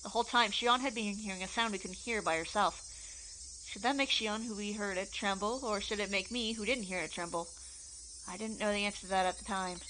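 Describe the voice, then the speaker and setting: A woman narrating a horror visual novel aloud in an expressive, steady reading style. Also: mid-range voice, brisk, a little hiss or hum, poor audio.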